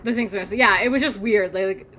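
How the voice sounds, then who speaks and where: Girl streaming games, rambling stories, swears a lot, reads chat out loud. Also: mid-range voice, fairly quick, slight background noise. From Canada. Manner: chatty storyteller, swears freely, reads chat aloud. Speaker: gaming streamer. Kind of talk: casual live-stream chat.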